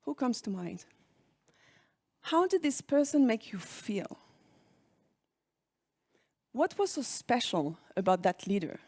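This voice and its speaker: A woman with a French accent gives a conference keynote on leadership. Her fairly high voice rises and falls in a very animated way as she puts reflective questions to the audience. The sound is dry, with no room echo. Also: takes it slowly, pauses often. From France. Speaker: speaker on leadership.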